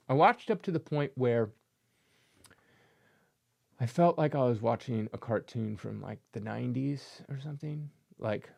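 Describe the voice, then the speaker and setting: Creaky-voiced man ranting sarcastically. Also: mid-range voice. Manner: sarcastic, mocking, acts out silly voices. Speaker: comic collector channel host. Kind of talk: casual opinion rant.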